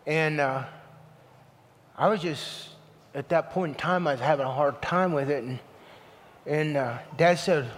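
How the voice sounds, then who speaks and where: A man preaches to a congregation, with an earnest, storytelling manner that often drops to a quiet, heartfelt hush. His voice sits a little high. A long reverb from the hall trails behind him, over a faint hum of room ambience. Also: unhurried, pauses often. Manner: earnest storytelling, softening to a hushed emotional delivery. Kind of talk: sermon with personal story.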